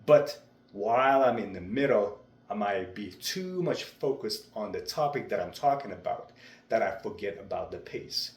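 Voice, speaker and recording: A young man talking through his speaking practice in a vlog, with a deliberate, measured delivery. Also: fairly low pitch, expressive. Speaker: vlogger. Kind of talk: reflective speech-practice vlog. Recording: roomy echo.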